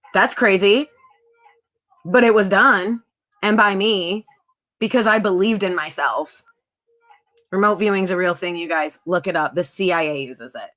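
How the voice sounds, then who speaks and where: A woman's voice: mid-range voice, bright, forceful tone. A middle-aged woman hosting a live stream, chatting upbeat with viewers and reading out their comments. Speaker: livestream host.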